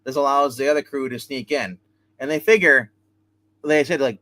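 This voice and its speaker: A man of middle pitch hosts a casual live stream, recapping a comic's plot in an animated way. He keeps slipping into the characters' lines as he tells the story. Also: fairly quick. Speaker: comic book reviewer hosting a live stream.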